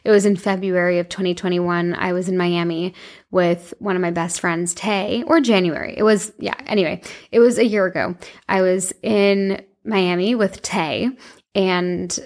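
Young woman vlogger, twenties, creaky edge, rambling heartfelt storytelling. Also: on the low side, fairly even intonation, moderate pace, darkish tone. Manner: chatty, emotional, many fillers and restarts. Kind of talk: casual storytelling to camera.

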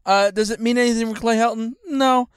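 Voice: medium pitch, fairly even intonation, brisk, clean tone, dry recording. Sports podcast co-host, casual chat, wry, interjecting, dry recording.

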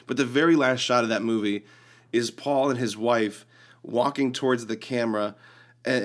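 Chatty man who talks with his hands. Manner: animated, acts out quoted lines with rising pitch; lots of "like" and restarts. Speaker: podcast co-host. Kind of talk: casual faith discussion.

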